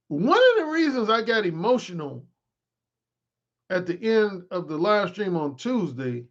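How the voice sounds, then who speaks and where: A man's voice: sits high, lo-fi sound. A man who works as a dating coach and author, talking candidly to his followers on a livestream with lots of restarts. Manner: candid and animated, with frequent restarts. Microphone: desk microphone he adjusts mid-stream.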